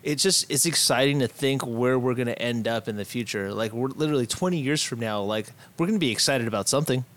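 A man's voice: mid-range voice, quick pace, hardly any pauses, fairly bright tone. A man co-hosting a casual podcast, easygoing and slangy, swearing freely. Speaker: podcast co-host.

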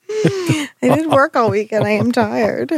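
A woman co-hosting a podcast episode recap in casual chat, giggly and animated as she retells scenes. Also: high-pitched, takes it slowly, creaky, husky, no room sound, clean studio sound. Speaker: podcast co-host.

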